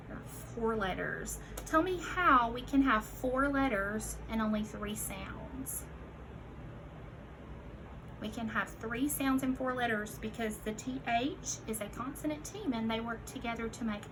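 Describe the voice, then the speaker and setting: A young woman teacher leading a recorded phonics lesson for children, giving slow, clearly enunciated prompts and calling her listeners friends. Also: a little high, background noise. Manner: encouraging, addresses listeners as friends.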